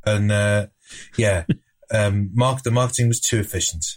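A man's voice: lowish voice, measured pace. A man with a Birmingham accent telling dry, self-mocking stories in casual podcast chat. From England. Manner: dry self-mocking storyteller with frequent laughs. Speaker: podcast co-host.

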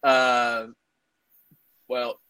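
A man's voice: medium pitch, little pitch movement, very slow, a crowd in the background, poor audio. A man talking casually about college football coaches, opinionated and laughing between points. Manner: talkative, laughs mid-sentence, opinionated. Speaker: sports podcast panelist. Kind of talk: casual sports talk.

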